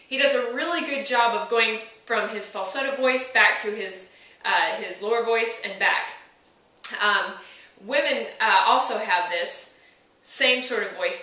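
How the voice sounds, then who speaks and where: A woman's voice: medium pitch, pushed and bright. A young woman teaching a singing lesson, explaining step by step and singing short demonstration notes. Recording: echoey room from far off.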